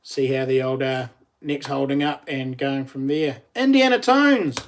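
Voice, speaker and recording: A man's voice: medium pitch, a little slow, a little hiss or hum. A middle-aged man with a New Zealand accent, chatting casually on a live stream, laughing often and reading out viewer messages.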